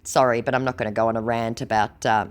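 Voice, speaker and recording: A woman's voice: a bass voice, little pitch movement, quick pace. A woman vlogger retelling her chats with a scammer in a sarcastic, gleefully insulting way. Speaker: scam-baiting vlogger. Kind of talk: sarcastic retelling of chat messages.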